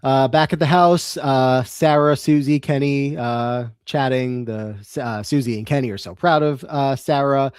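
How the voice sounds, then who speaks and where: A man's voice: medium pitch, measured pace, few pauses, clear, resonant tone, no room sound. Rambling male podcast co-host, dry sound. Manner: relaxed, rambling with many fillers. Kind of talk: casual podcast recap chat.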